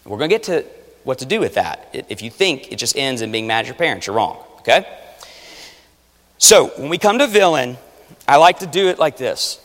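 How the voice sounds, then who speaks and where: A man preaching a sermon, animated, swinging between loud urging and hushed asides. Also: mid-range voice, brisk. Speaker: pastor. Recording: long reverb of a large hall. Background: audience.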